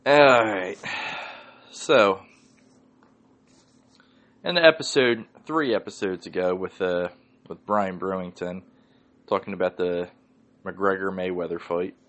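A man's voice: sits low, slow, pauses often, a bit bright. Swearing Philly man ranting on a podcast. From Northeast Philadelphia. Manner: profane, ranting, heavy swearing. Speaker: podcast host. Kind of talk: solo podcast rant.

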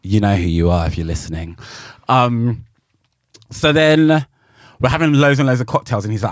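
A man's voice: mid-range voice, lively intonation, normal speed, no echo, clean studio sound. A man, co-hosting a podcast and chatting casually about his dating life, acting out what others said. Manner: chatty storyteller who acts out other people's lines. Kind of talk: casual chat.

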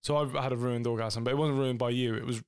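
A man's voice: medium pitch, steady tone, fast talker, clear, resonant tone, no room sound, clean studio sound. A man co-hosting a podcast in casual couple's chat, a joking, rambling storyteller. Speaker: podcast co-host.

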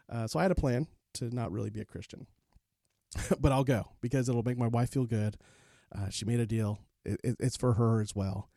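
Mellow-voiced man telling his story. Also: medium pitch, dry recording, studio quality. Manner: candid, rambling, many fillers and restarts. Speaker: podcast guest. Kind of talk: personal storytelling in an interview.

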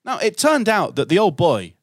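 A man's voice: high voice, huge pitch swings, moderate pace, no room sound, studio quality. A man hosting a podcast, telling anecdotes in casual chat. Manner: chatty, anecdotal. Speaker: podcast host.

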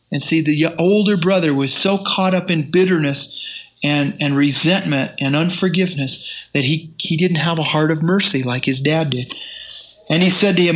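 A man's voice: a little high, moderate pace, fairly bright tone, slight background noise. A man teaching the Bible in a sermon, reading scripture aloud with rising emphasis.

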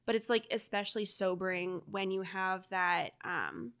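A woman co-hosting a podcast in relaxed, casual chat. She walks through the film scenes and drops the odd swear word. Her voice sits at a middle pitch. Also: moderate pace, clean tone. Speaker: podcast co-host. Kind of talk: casual movie discussion.

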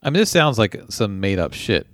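A man's voice: fairly low pitch, sing-song, brisk, fairly bright tone, no room sound, studio quality. A man hosting a casual podcast, reading news stories aloud and joking about them in a laid-back way. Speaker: podcast host.

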